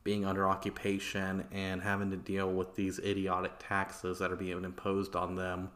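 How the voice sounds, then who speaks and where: Brief: male podcast host, very low voice, casual and profane history storytelling. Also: monotone, moderate pace, fairly bright tone. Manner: loose, profane, conversational storytelling.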